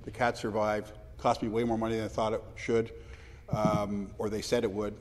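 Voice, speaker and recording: A man speaking in a parliamentary debate, personal and anecdotal, with halting restarts. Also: fairly low pitch, flat delivery. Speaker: legislator answering questions. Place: large legislative chamber. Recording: long reverb of a large hall.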